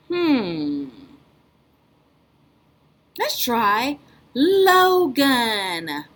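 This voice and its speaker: A patient woman teacher leading a speech lesson for young children. Her high voice swoops up and down in a sing-song way. She talks very slowly and draws every word out. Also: sing-song, very noisy. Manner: slow, patient, drawn-out sing-song delivery.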